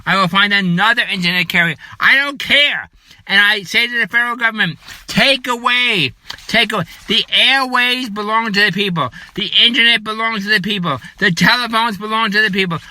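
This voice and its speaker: A man rants with fury, his voice pitched high and cutting hard. The sound is close and dry, with no room around it. He repeats his points over and over, like someone who has run out of patience. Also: brisk, dry recording. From United States. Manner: furious, shouting, repetitive, later apologetic and lower. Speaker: political commentator. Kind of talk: angry political rant.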